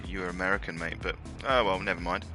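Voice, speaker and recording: A man's voice: low-pitched, steady tone, fast talker, sharp tone. A man commentating a video game race on his stream, upbeat and chatty, using casual slang. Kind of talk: live racing commentary and casual chat. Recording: game music playing behind the voice. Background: game music.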